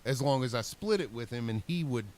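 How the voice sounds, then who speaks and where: Male podcast co-host, casual storyteller with a lively, swinging pitch and loose, rambling delivery. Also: a little fast. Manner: rambling, animated storyteller acting out quotes.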